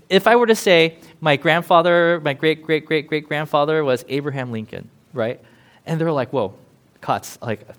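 A man, a pastor, preaching a casual, chatty sermon, laughing often and acting out quoted voices. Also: fairly high pitch.

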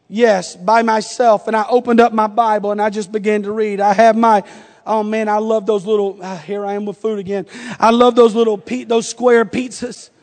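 High-voiced male preacher in a reverberant church. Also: a little mellow. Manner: conversational storytelling with humorous asides. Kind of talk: sermon. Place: church sanctuary. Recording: long hall reverb.

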